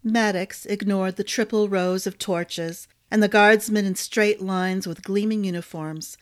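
A woman storyteller reading a fantasy novel aloud in a steady, expressive narration. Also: medium pitch, measured pace.

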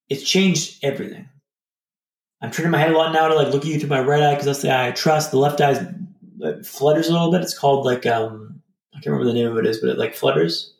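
A man with a slightly high, gravelly voice talks through a video call, his words bouncing around an echoey room. He rambles loosely and reflectively, stringing thoughts together with frequent fillers. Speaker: podcast guest. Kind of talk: casual reflective storytelling.

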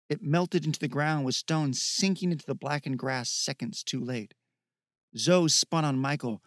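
A man's voice: mid-range voice, normal speed, a bit bright, no room sound, studio quality. Man narrating a fantasy audiobook.

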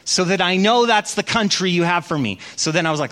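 A man's voice: high voice, lively intonation, a little fast, a bit bright. A middle-aged man preaching a sermon, telling stories and acting out his own prayers with self-mocking humour. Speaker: pastor. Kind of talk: sermon with storytelling.

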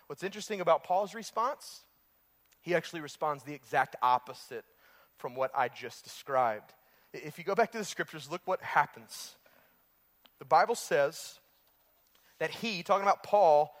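A man preaching a sermon as pastor, telling the story in an animated way and acting out exasperated outbursts. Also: sits high, long reverb tail.

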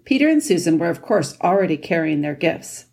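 A woman reading a children's fantasy novel aloud in a steady storytelling manner. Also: fairly low pitch, a little fast, gravelly, husky. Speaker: audiobook reader. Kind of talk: scripted narration.

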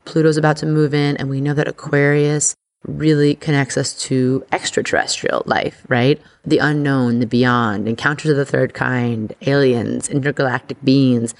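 A woman hosting an astrology podcast, talking in a chatty, excitable way full of "like". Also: rumbling low, moderate pace. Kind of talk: casual podcast monologue.

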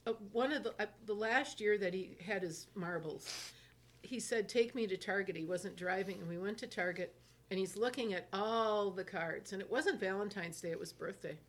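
Woman co-host with quick quips. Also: mid-range voice. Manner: quick quips and encouraging backchannel. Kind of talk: casual chat.

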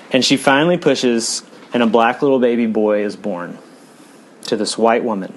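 A male pastor preaching a sermon in a church, earnest, swinging from fast emphatic runs to low, quiet stretches. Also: a little hiss or hum.

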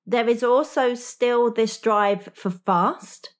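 A woman's voice: fairly high pitch, slow pace. A woman speaking directly to the listener in a motivational talk as a coach, frank and slangy, with small laughs.

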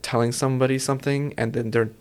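A man's voice: mid-range voice, little pitch movement, fast talker, darkish tone, clean tone. A man hosting a casual conversation, reflective and somewhat hesitant, with many fillers as he asks questions. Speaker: host.

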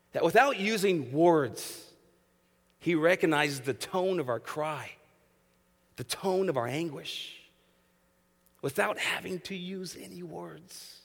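Animated man preaching in a reverberant hall. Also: a little high, takes it slowly, creaky, pauses often. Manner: animated preaching, swings from hushed to loud, acts out voices. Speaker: pastor. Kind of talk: sermon. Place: church sanctuary.

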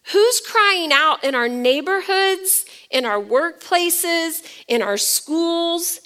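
High, bright-voiced woman pastor preaching. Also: animated, slow, hardly any pauses. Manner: dramatic, swings from loud emphasis to near whispers; asks the congregation rhetorical questions. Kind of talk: sermon.

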